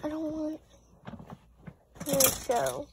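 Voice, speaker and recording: A woman's voice: sits high, extremely slow, heavy background noise. A preteen girl, rambling through a casual vlog with many apologetic asides. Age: around 11 or 12. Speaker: vlogger.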